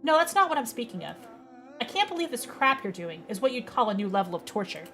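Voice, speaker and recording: A disillusioned young man who speaks bluntly and dismisses everything with scorn, voiced by a woman reading the game aloud. The voice sits high and moves a lot. Soft music runs behind it. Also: sing-song, fast, full character voice. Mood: scornful. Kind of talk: reading a game's dialogue aloud.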